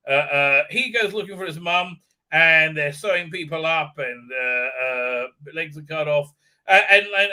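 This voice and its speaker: A man hosting a live stream, recapping an episode in a rambling, profane rant, stammering through fillers and mocking the characters in quick put-on voices. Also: fairly high pitch, lively intonation, pushed and bright, clean tone.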